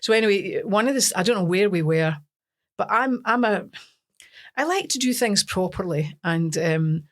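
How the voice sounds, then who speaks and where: Scottish woman singer, chatty and self-deprecating, animated anecdotes. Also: mid-range voice, normal speed. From Scotland. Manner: animated storyteller, self-mocking. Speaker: singer, interview guest. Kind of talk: casual interview storytelling.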